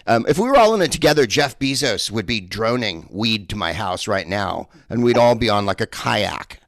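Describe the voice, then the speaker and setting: A man with a lowish voice works through a stand-up comedy set, meandering and full of filler sounds. The sound is dry and close, with no room around it. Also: animated, moderate pace, vocal fry, dry recording. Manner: rambling, hesitant delivery with many fillers.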